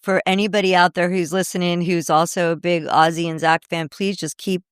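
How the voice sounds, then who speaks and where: A woman guest on a podcast in casual chat, reminiscing in a soft-spoken way. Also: lowish voice, fairly even intonation, brisk, clean tone, no room sound, studio quality.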